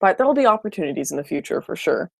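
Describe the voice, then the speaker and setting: A woman's voice: on the low side, sing-song, rapid-fire, creaky, dry recording, clean studio sound. A woman hosting a casual livestream, answering viewer comments in a blunt, opinionated way with frequent restarts. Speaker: livestream host.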